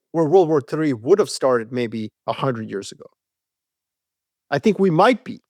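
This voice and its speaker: A man co-hosting a podcast, debating world affairs in an animated, profane, casual way. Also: on the high side, no echo, studio quality. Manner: animated, profane, acts out quoted voices. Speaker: podcast co-host.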